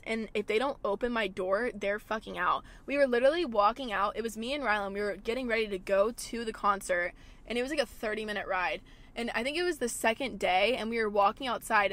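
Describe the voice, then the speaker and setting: A young woman hosts a casual solo podcast from her car, parked at a gas station. Her voice is on the high side and a bit bright, and she chats away, swearing a lot and packing her sentences with "like."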